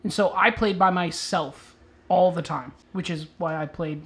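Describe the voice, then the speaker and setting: A woman telling a story in casual chat, animated and often giggling. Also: lowish voice, a little slow.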